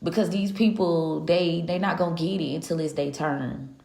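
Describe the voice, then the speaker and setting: A woman's voice: lowish voice, fairly even intonation, normal speed, vocal fry, mellow, reverberant. A woman hosting a live spiritual reading, ranting casually in a sassy, profane way and laughing often. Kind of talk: casual live-stream rant.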